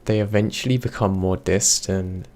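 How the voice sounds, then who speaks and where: A man narrating a short first-person scary story in an unhurried scripted read. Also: low-pitched, steady tone, a little mellow. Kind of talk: scripted narration of reader-submitted horror stories.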